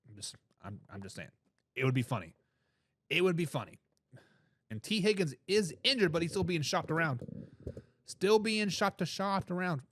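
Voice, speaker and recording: A man hosting a live sports talk show, giving loud opinions on football and reading out viewer comments. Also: fairly high pitch, moderate pace, long pauses, dry recording. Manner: animated, opinionated, reads chat comments aloud.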